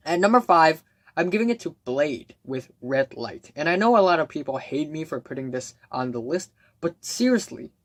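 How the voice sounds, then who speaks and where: A man's voice: a little high, no echo. A young man giving blunt, scornful album reviews in a ranked countdown, with frequent ums and uhs. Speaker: music reviewer.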